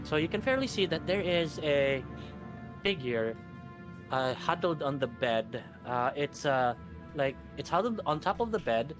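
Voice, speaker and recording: A man's voice: a little high, expressive, a little slow. A man running a tabletop game as game master, describing scenes in a hesitant way full of fillers and restarts. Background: background music.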